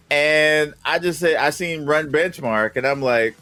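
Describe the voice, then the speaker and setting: A man's voice: normal speed, few pauses, soft background music. A man co-hosting a casual tech chat, telling stories with lots of laughter. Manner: animated storytelling, acts out his own reactions in high squeaky voices; laughs a lot. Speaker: podcast co-host.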